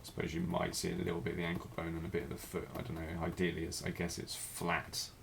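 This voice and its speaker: A man teaching a live figure drawing class, talking through each stroke as he draws, in a relaxed, thinking-aloud way. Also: low voice, quick pace, vocal fry, slight background noise.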